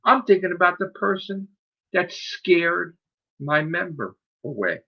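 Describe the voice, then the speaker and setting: A man's voice: high voice, animated, measured pace, creaky, lo-fi sound. A man hosting his own live stream, ranting in a heated, profane, scolding way. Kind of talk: angry live-stream rant.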